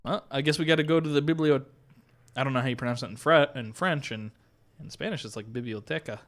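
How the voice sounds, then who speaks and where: A man's voice: medium pitch, fast talker. A man streaming a game live, commenting casually with frequent swearing and laughter.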